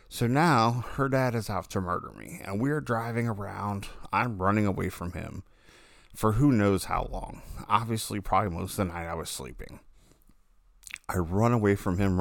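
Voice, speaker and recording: A man's voice: lowish voice, gravelly, dry recording, studio quality. A man casually telling a long, rambling story about his dreams, often correcting himself mid-sentence.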